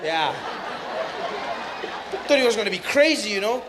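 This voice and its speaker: A high-voiced man plays it mock-serious in a stand-up set, building up to shouts. The noise of the live crowd comes through clearly behind him. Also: very fast. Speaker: stand-up comedian. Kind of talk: stand-up comedy. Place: comedy club stage. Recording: live stage with audience noise.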